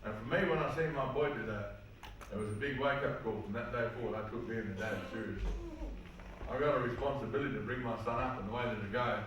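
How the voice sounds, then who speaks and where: Man, Australian accent, earnest seminar talk, bright forceful voice, distant mic. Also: medium pitch, fast talker, slight background noise. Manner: earnest, plain-spoken storytelling with slang. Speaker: seminar speaker. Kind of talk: personal testimony talk. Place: large hall. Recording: echoey hall, mic far off.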